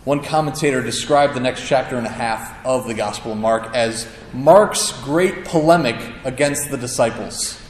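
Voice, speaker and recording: A man's voice: medium pitch, slight background noise. A man preaching a sermon, telling stories in a casual, conversational way with self-deprecating humor. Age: adult with a child. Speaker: pastor. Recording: echoey hall with long reverb.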